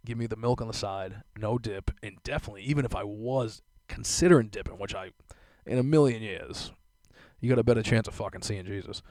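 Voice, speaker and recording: A man's voice: lowish voice, brisk, no echo. A young man hosting a podcast, telling a profane, laughing rant in casual chat, close to a dry mic. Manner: laughing, profane, animated storytelling.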